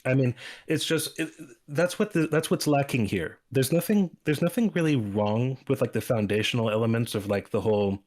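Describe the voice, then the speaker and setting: A man's voice: medium pitch, moderate pace, darkish tone. A man co-hosting a podcast in casual chat, rambling with many restarts as he retells scenes. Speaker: podcast co-host.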